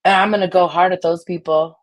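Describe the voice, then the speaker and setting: A podcaster with a raspy voice, chatting casually in a blunt, heated way that swings from loud outbursts to low mutters. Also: fairly even intonation, fairly quick. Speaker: podcast co-host.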